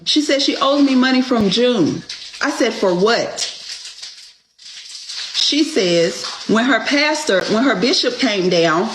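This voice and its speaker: A woman's voice: on the high side, expressive, unhurried, slight background noise. Emphatic woman venting, echoey room. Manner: emphatic, profane, keeps asking "okay?". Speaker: guest telling her story. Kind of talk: casual storytelling.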